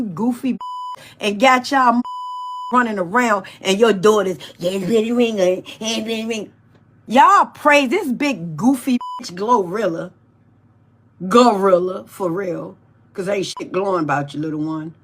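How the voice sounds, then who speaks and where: A woman's voice: medium pitch, animated, unhurried, a bit bright. A woman ranting with mocking insults and swearing, drawing words out. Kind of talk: profane rant to camera.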